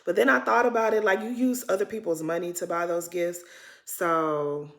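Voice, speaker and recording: A woman's voice: on the low side, fairly even intonation, normal speed. A woman vlogger giving a sassy, blunt, casual recap of a reality show, talking straight at the cast and calling them "girl.". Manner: addresses cast members directly as "girl". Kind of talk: casual reaction commentary.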